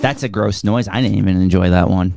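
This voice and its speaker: A man's voice: sits low, fairly quick, creaky, a little mellow, dry recording. A young man hosting a podcast, jokingly recapping a movie plot in casual chat. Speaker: podcast host.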